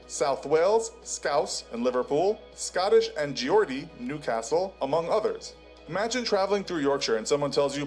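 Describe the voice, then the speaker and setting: A man giving scripted documentary-style narration with a wry, teasing delivery. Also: a little high.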